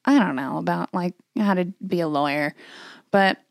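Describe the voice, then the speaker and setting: A woman's voice: lowish voice, normal speed, creaky, no echo, studio quality. A young woman co-hosting a podcast, telling rambling stories in a profane, ranting way. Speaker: podcast co-host. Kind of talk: casual chat.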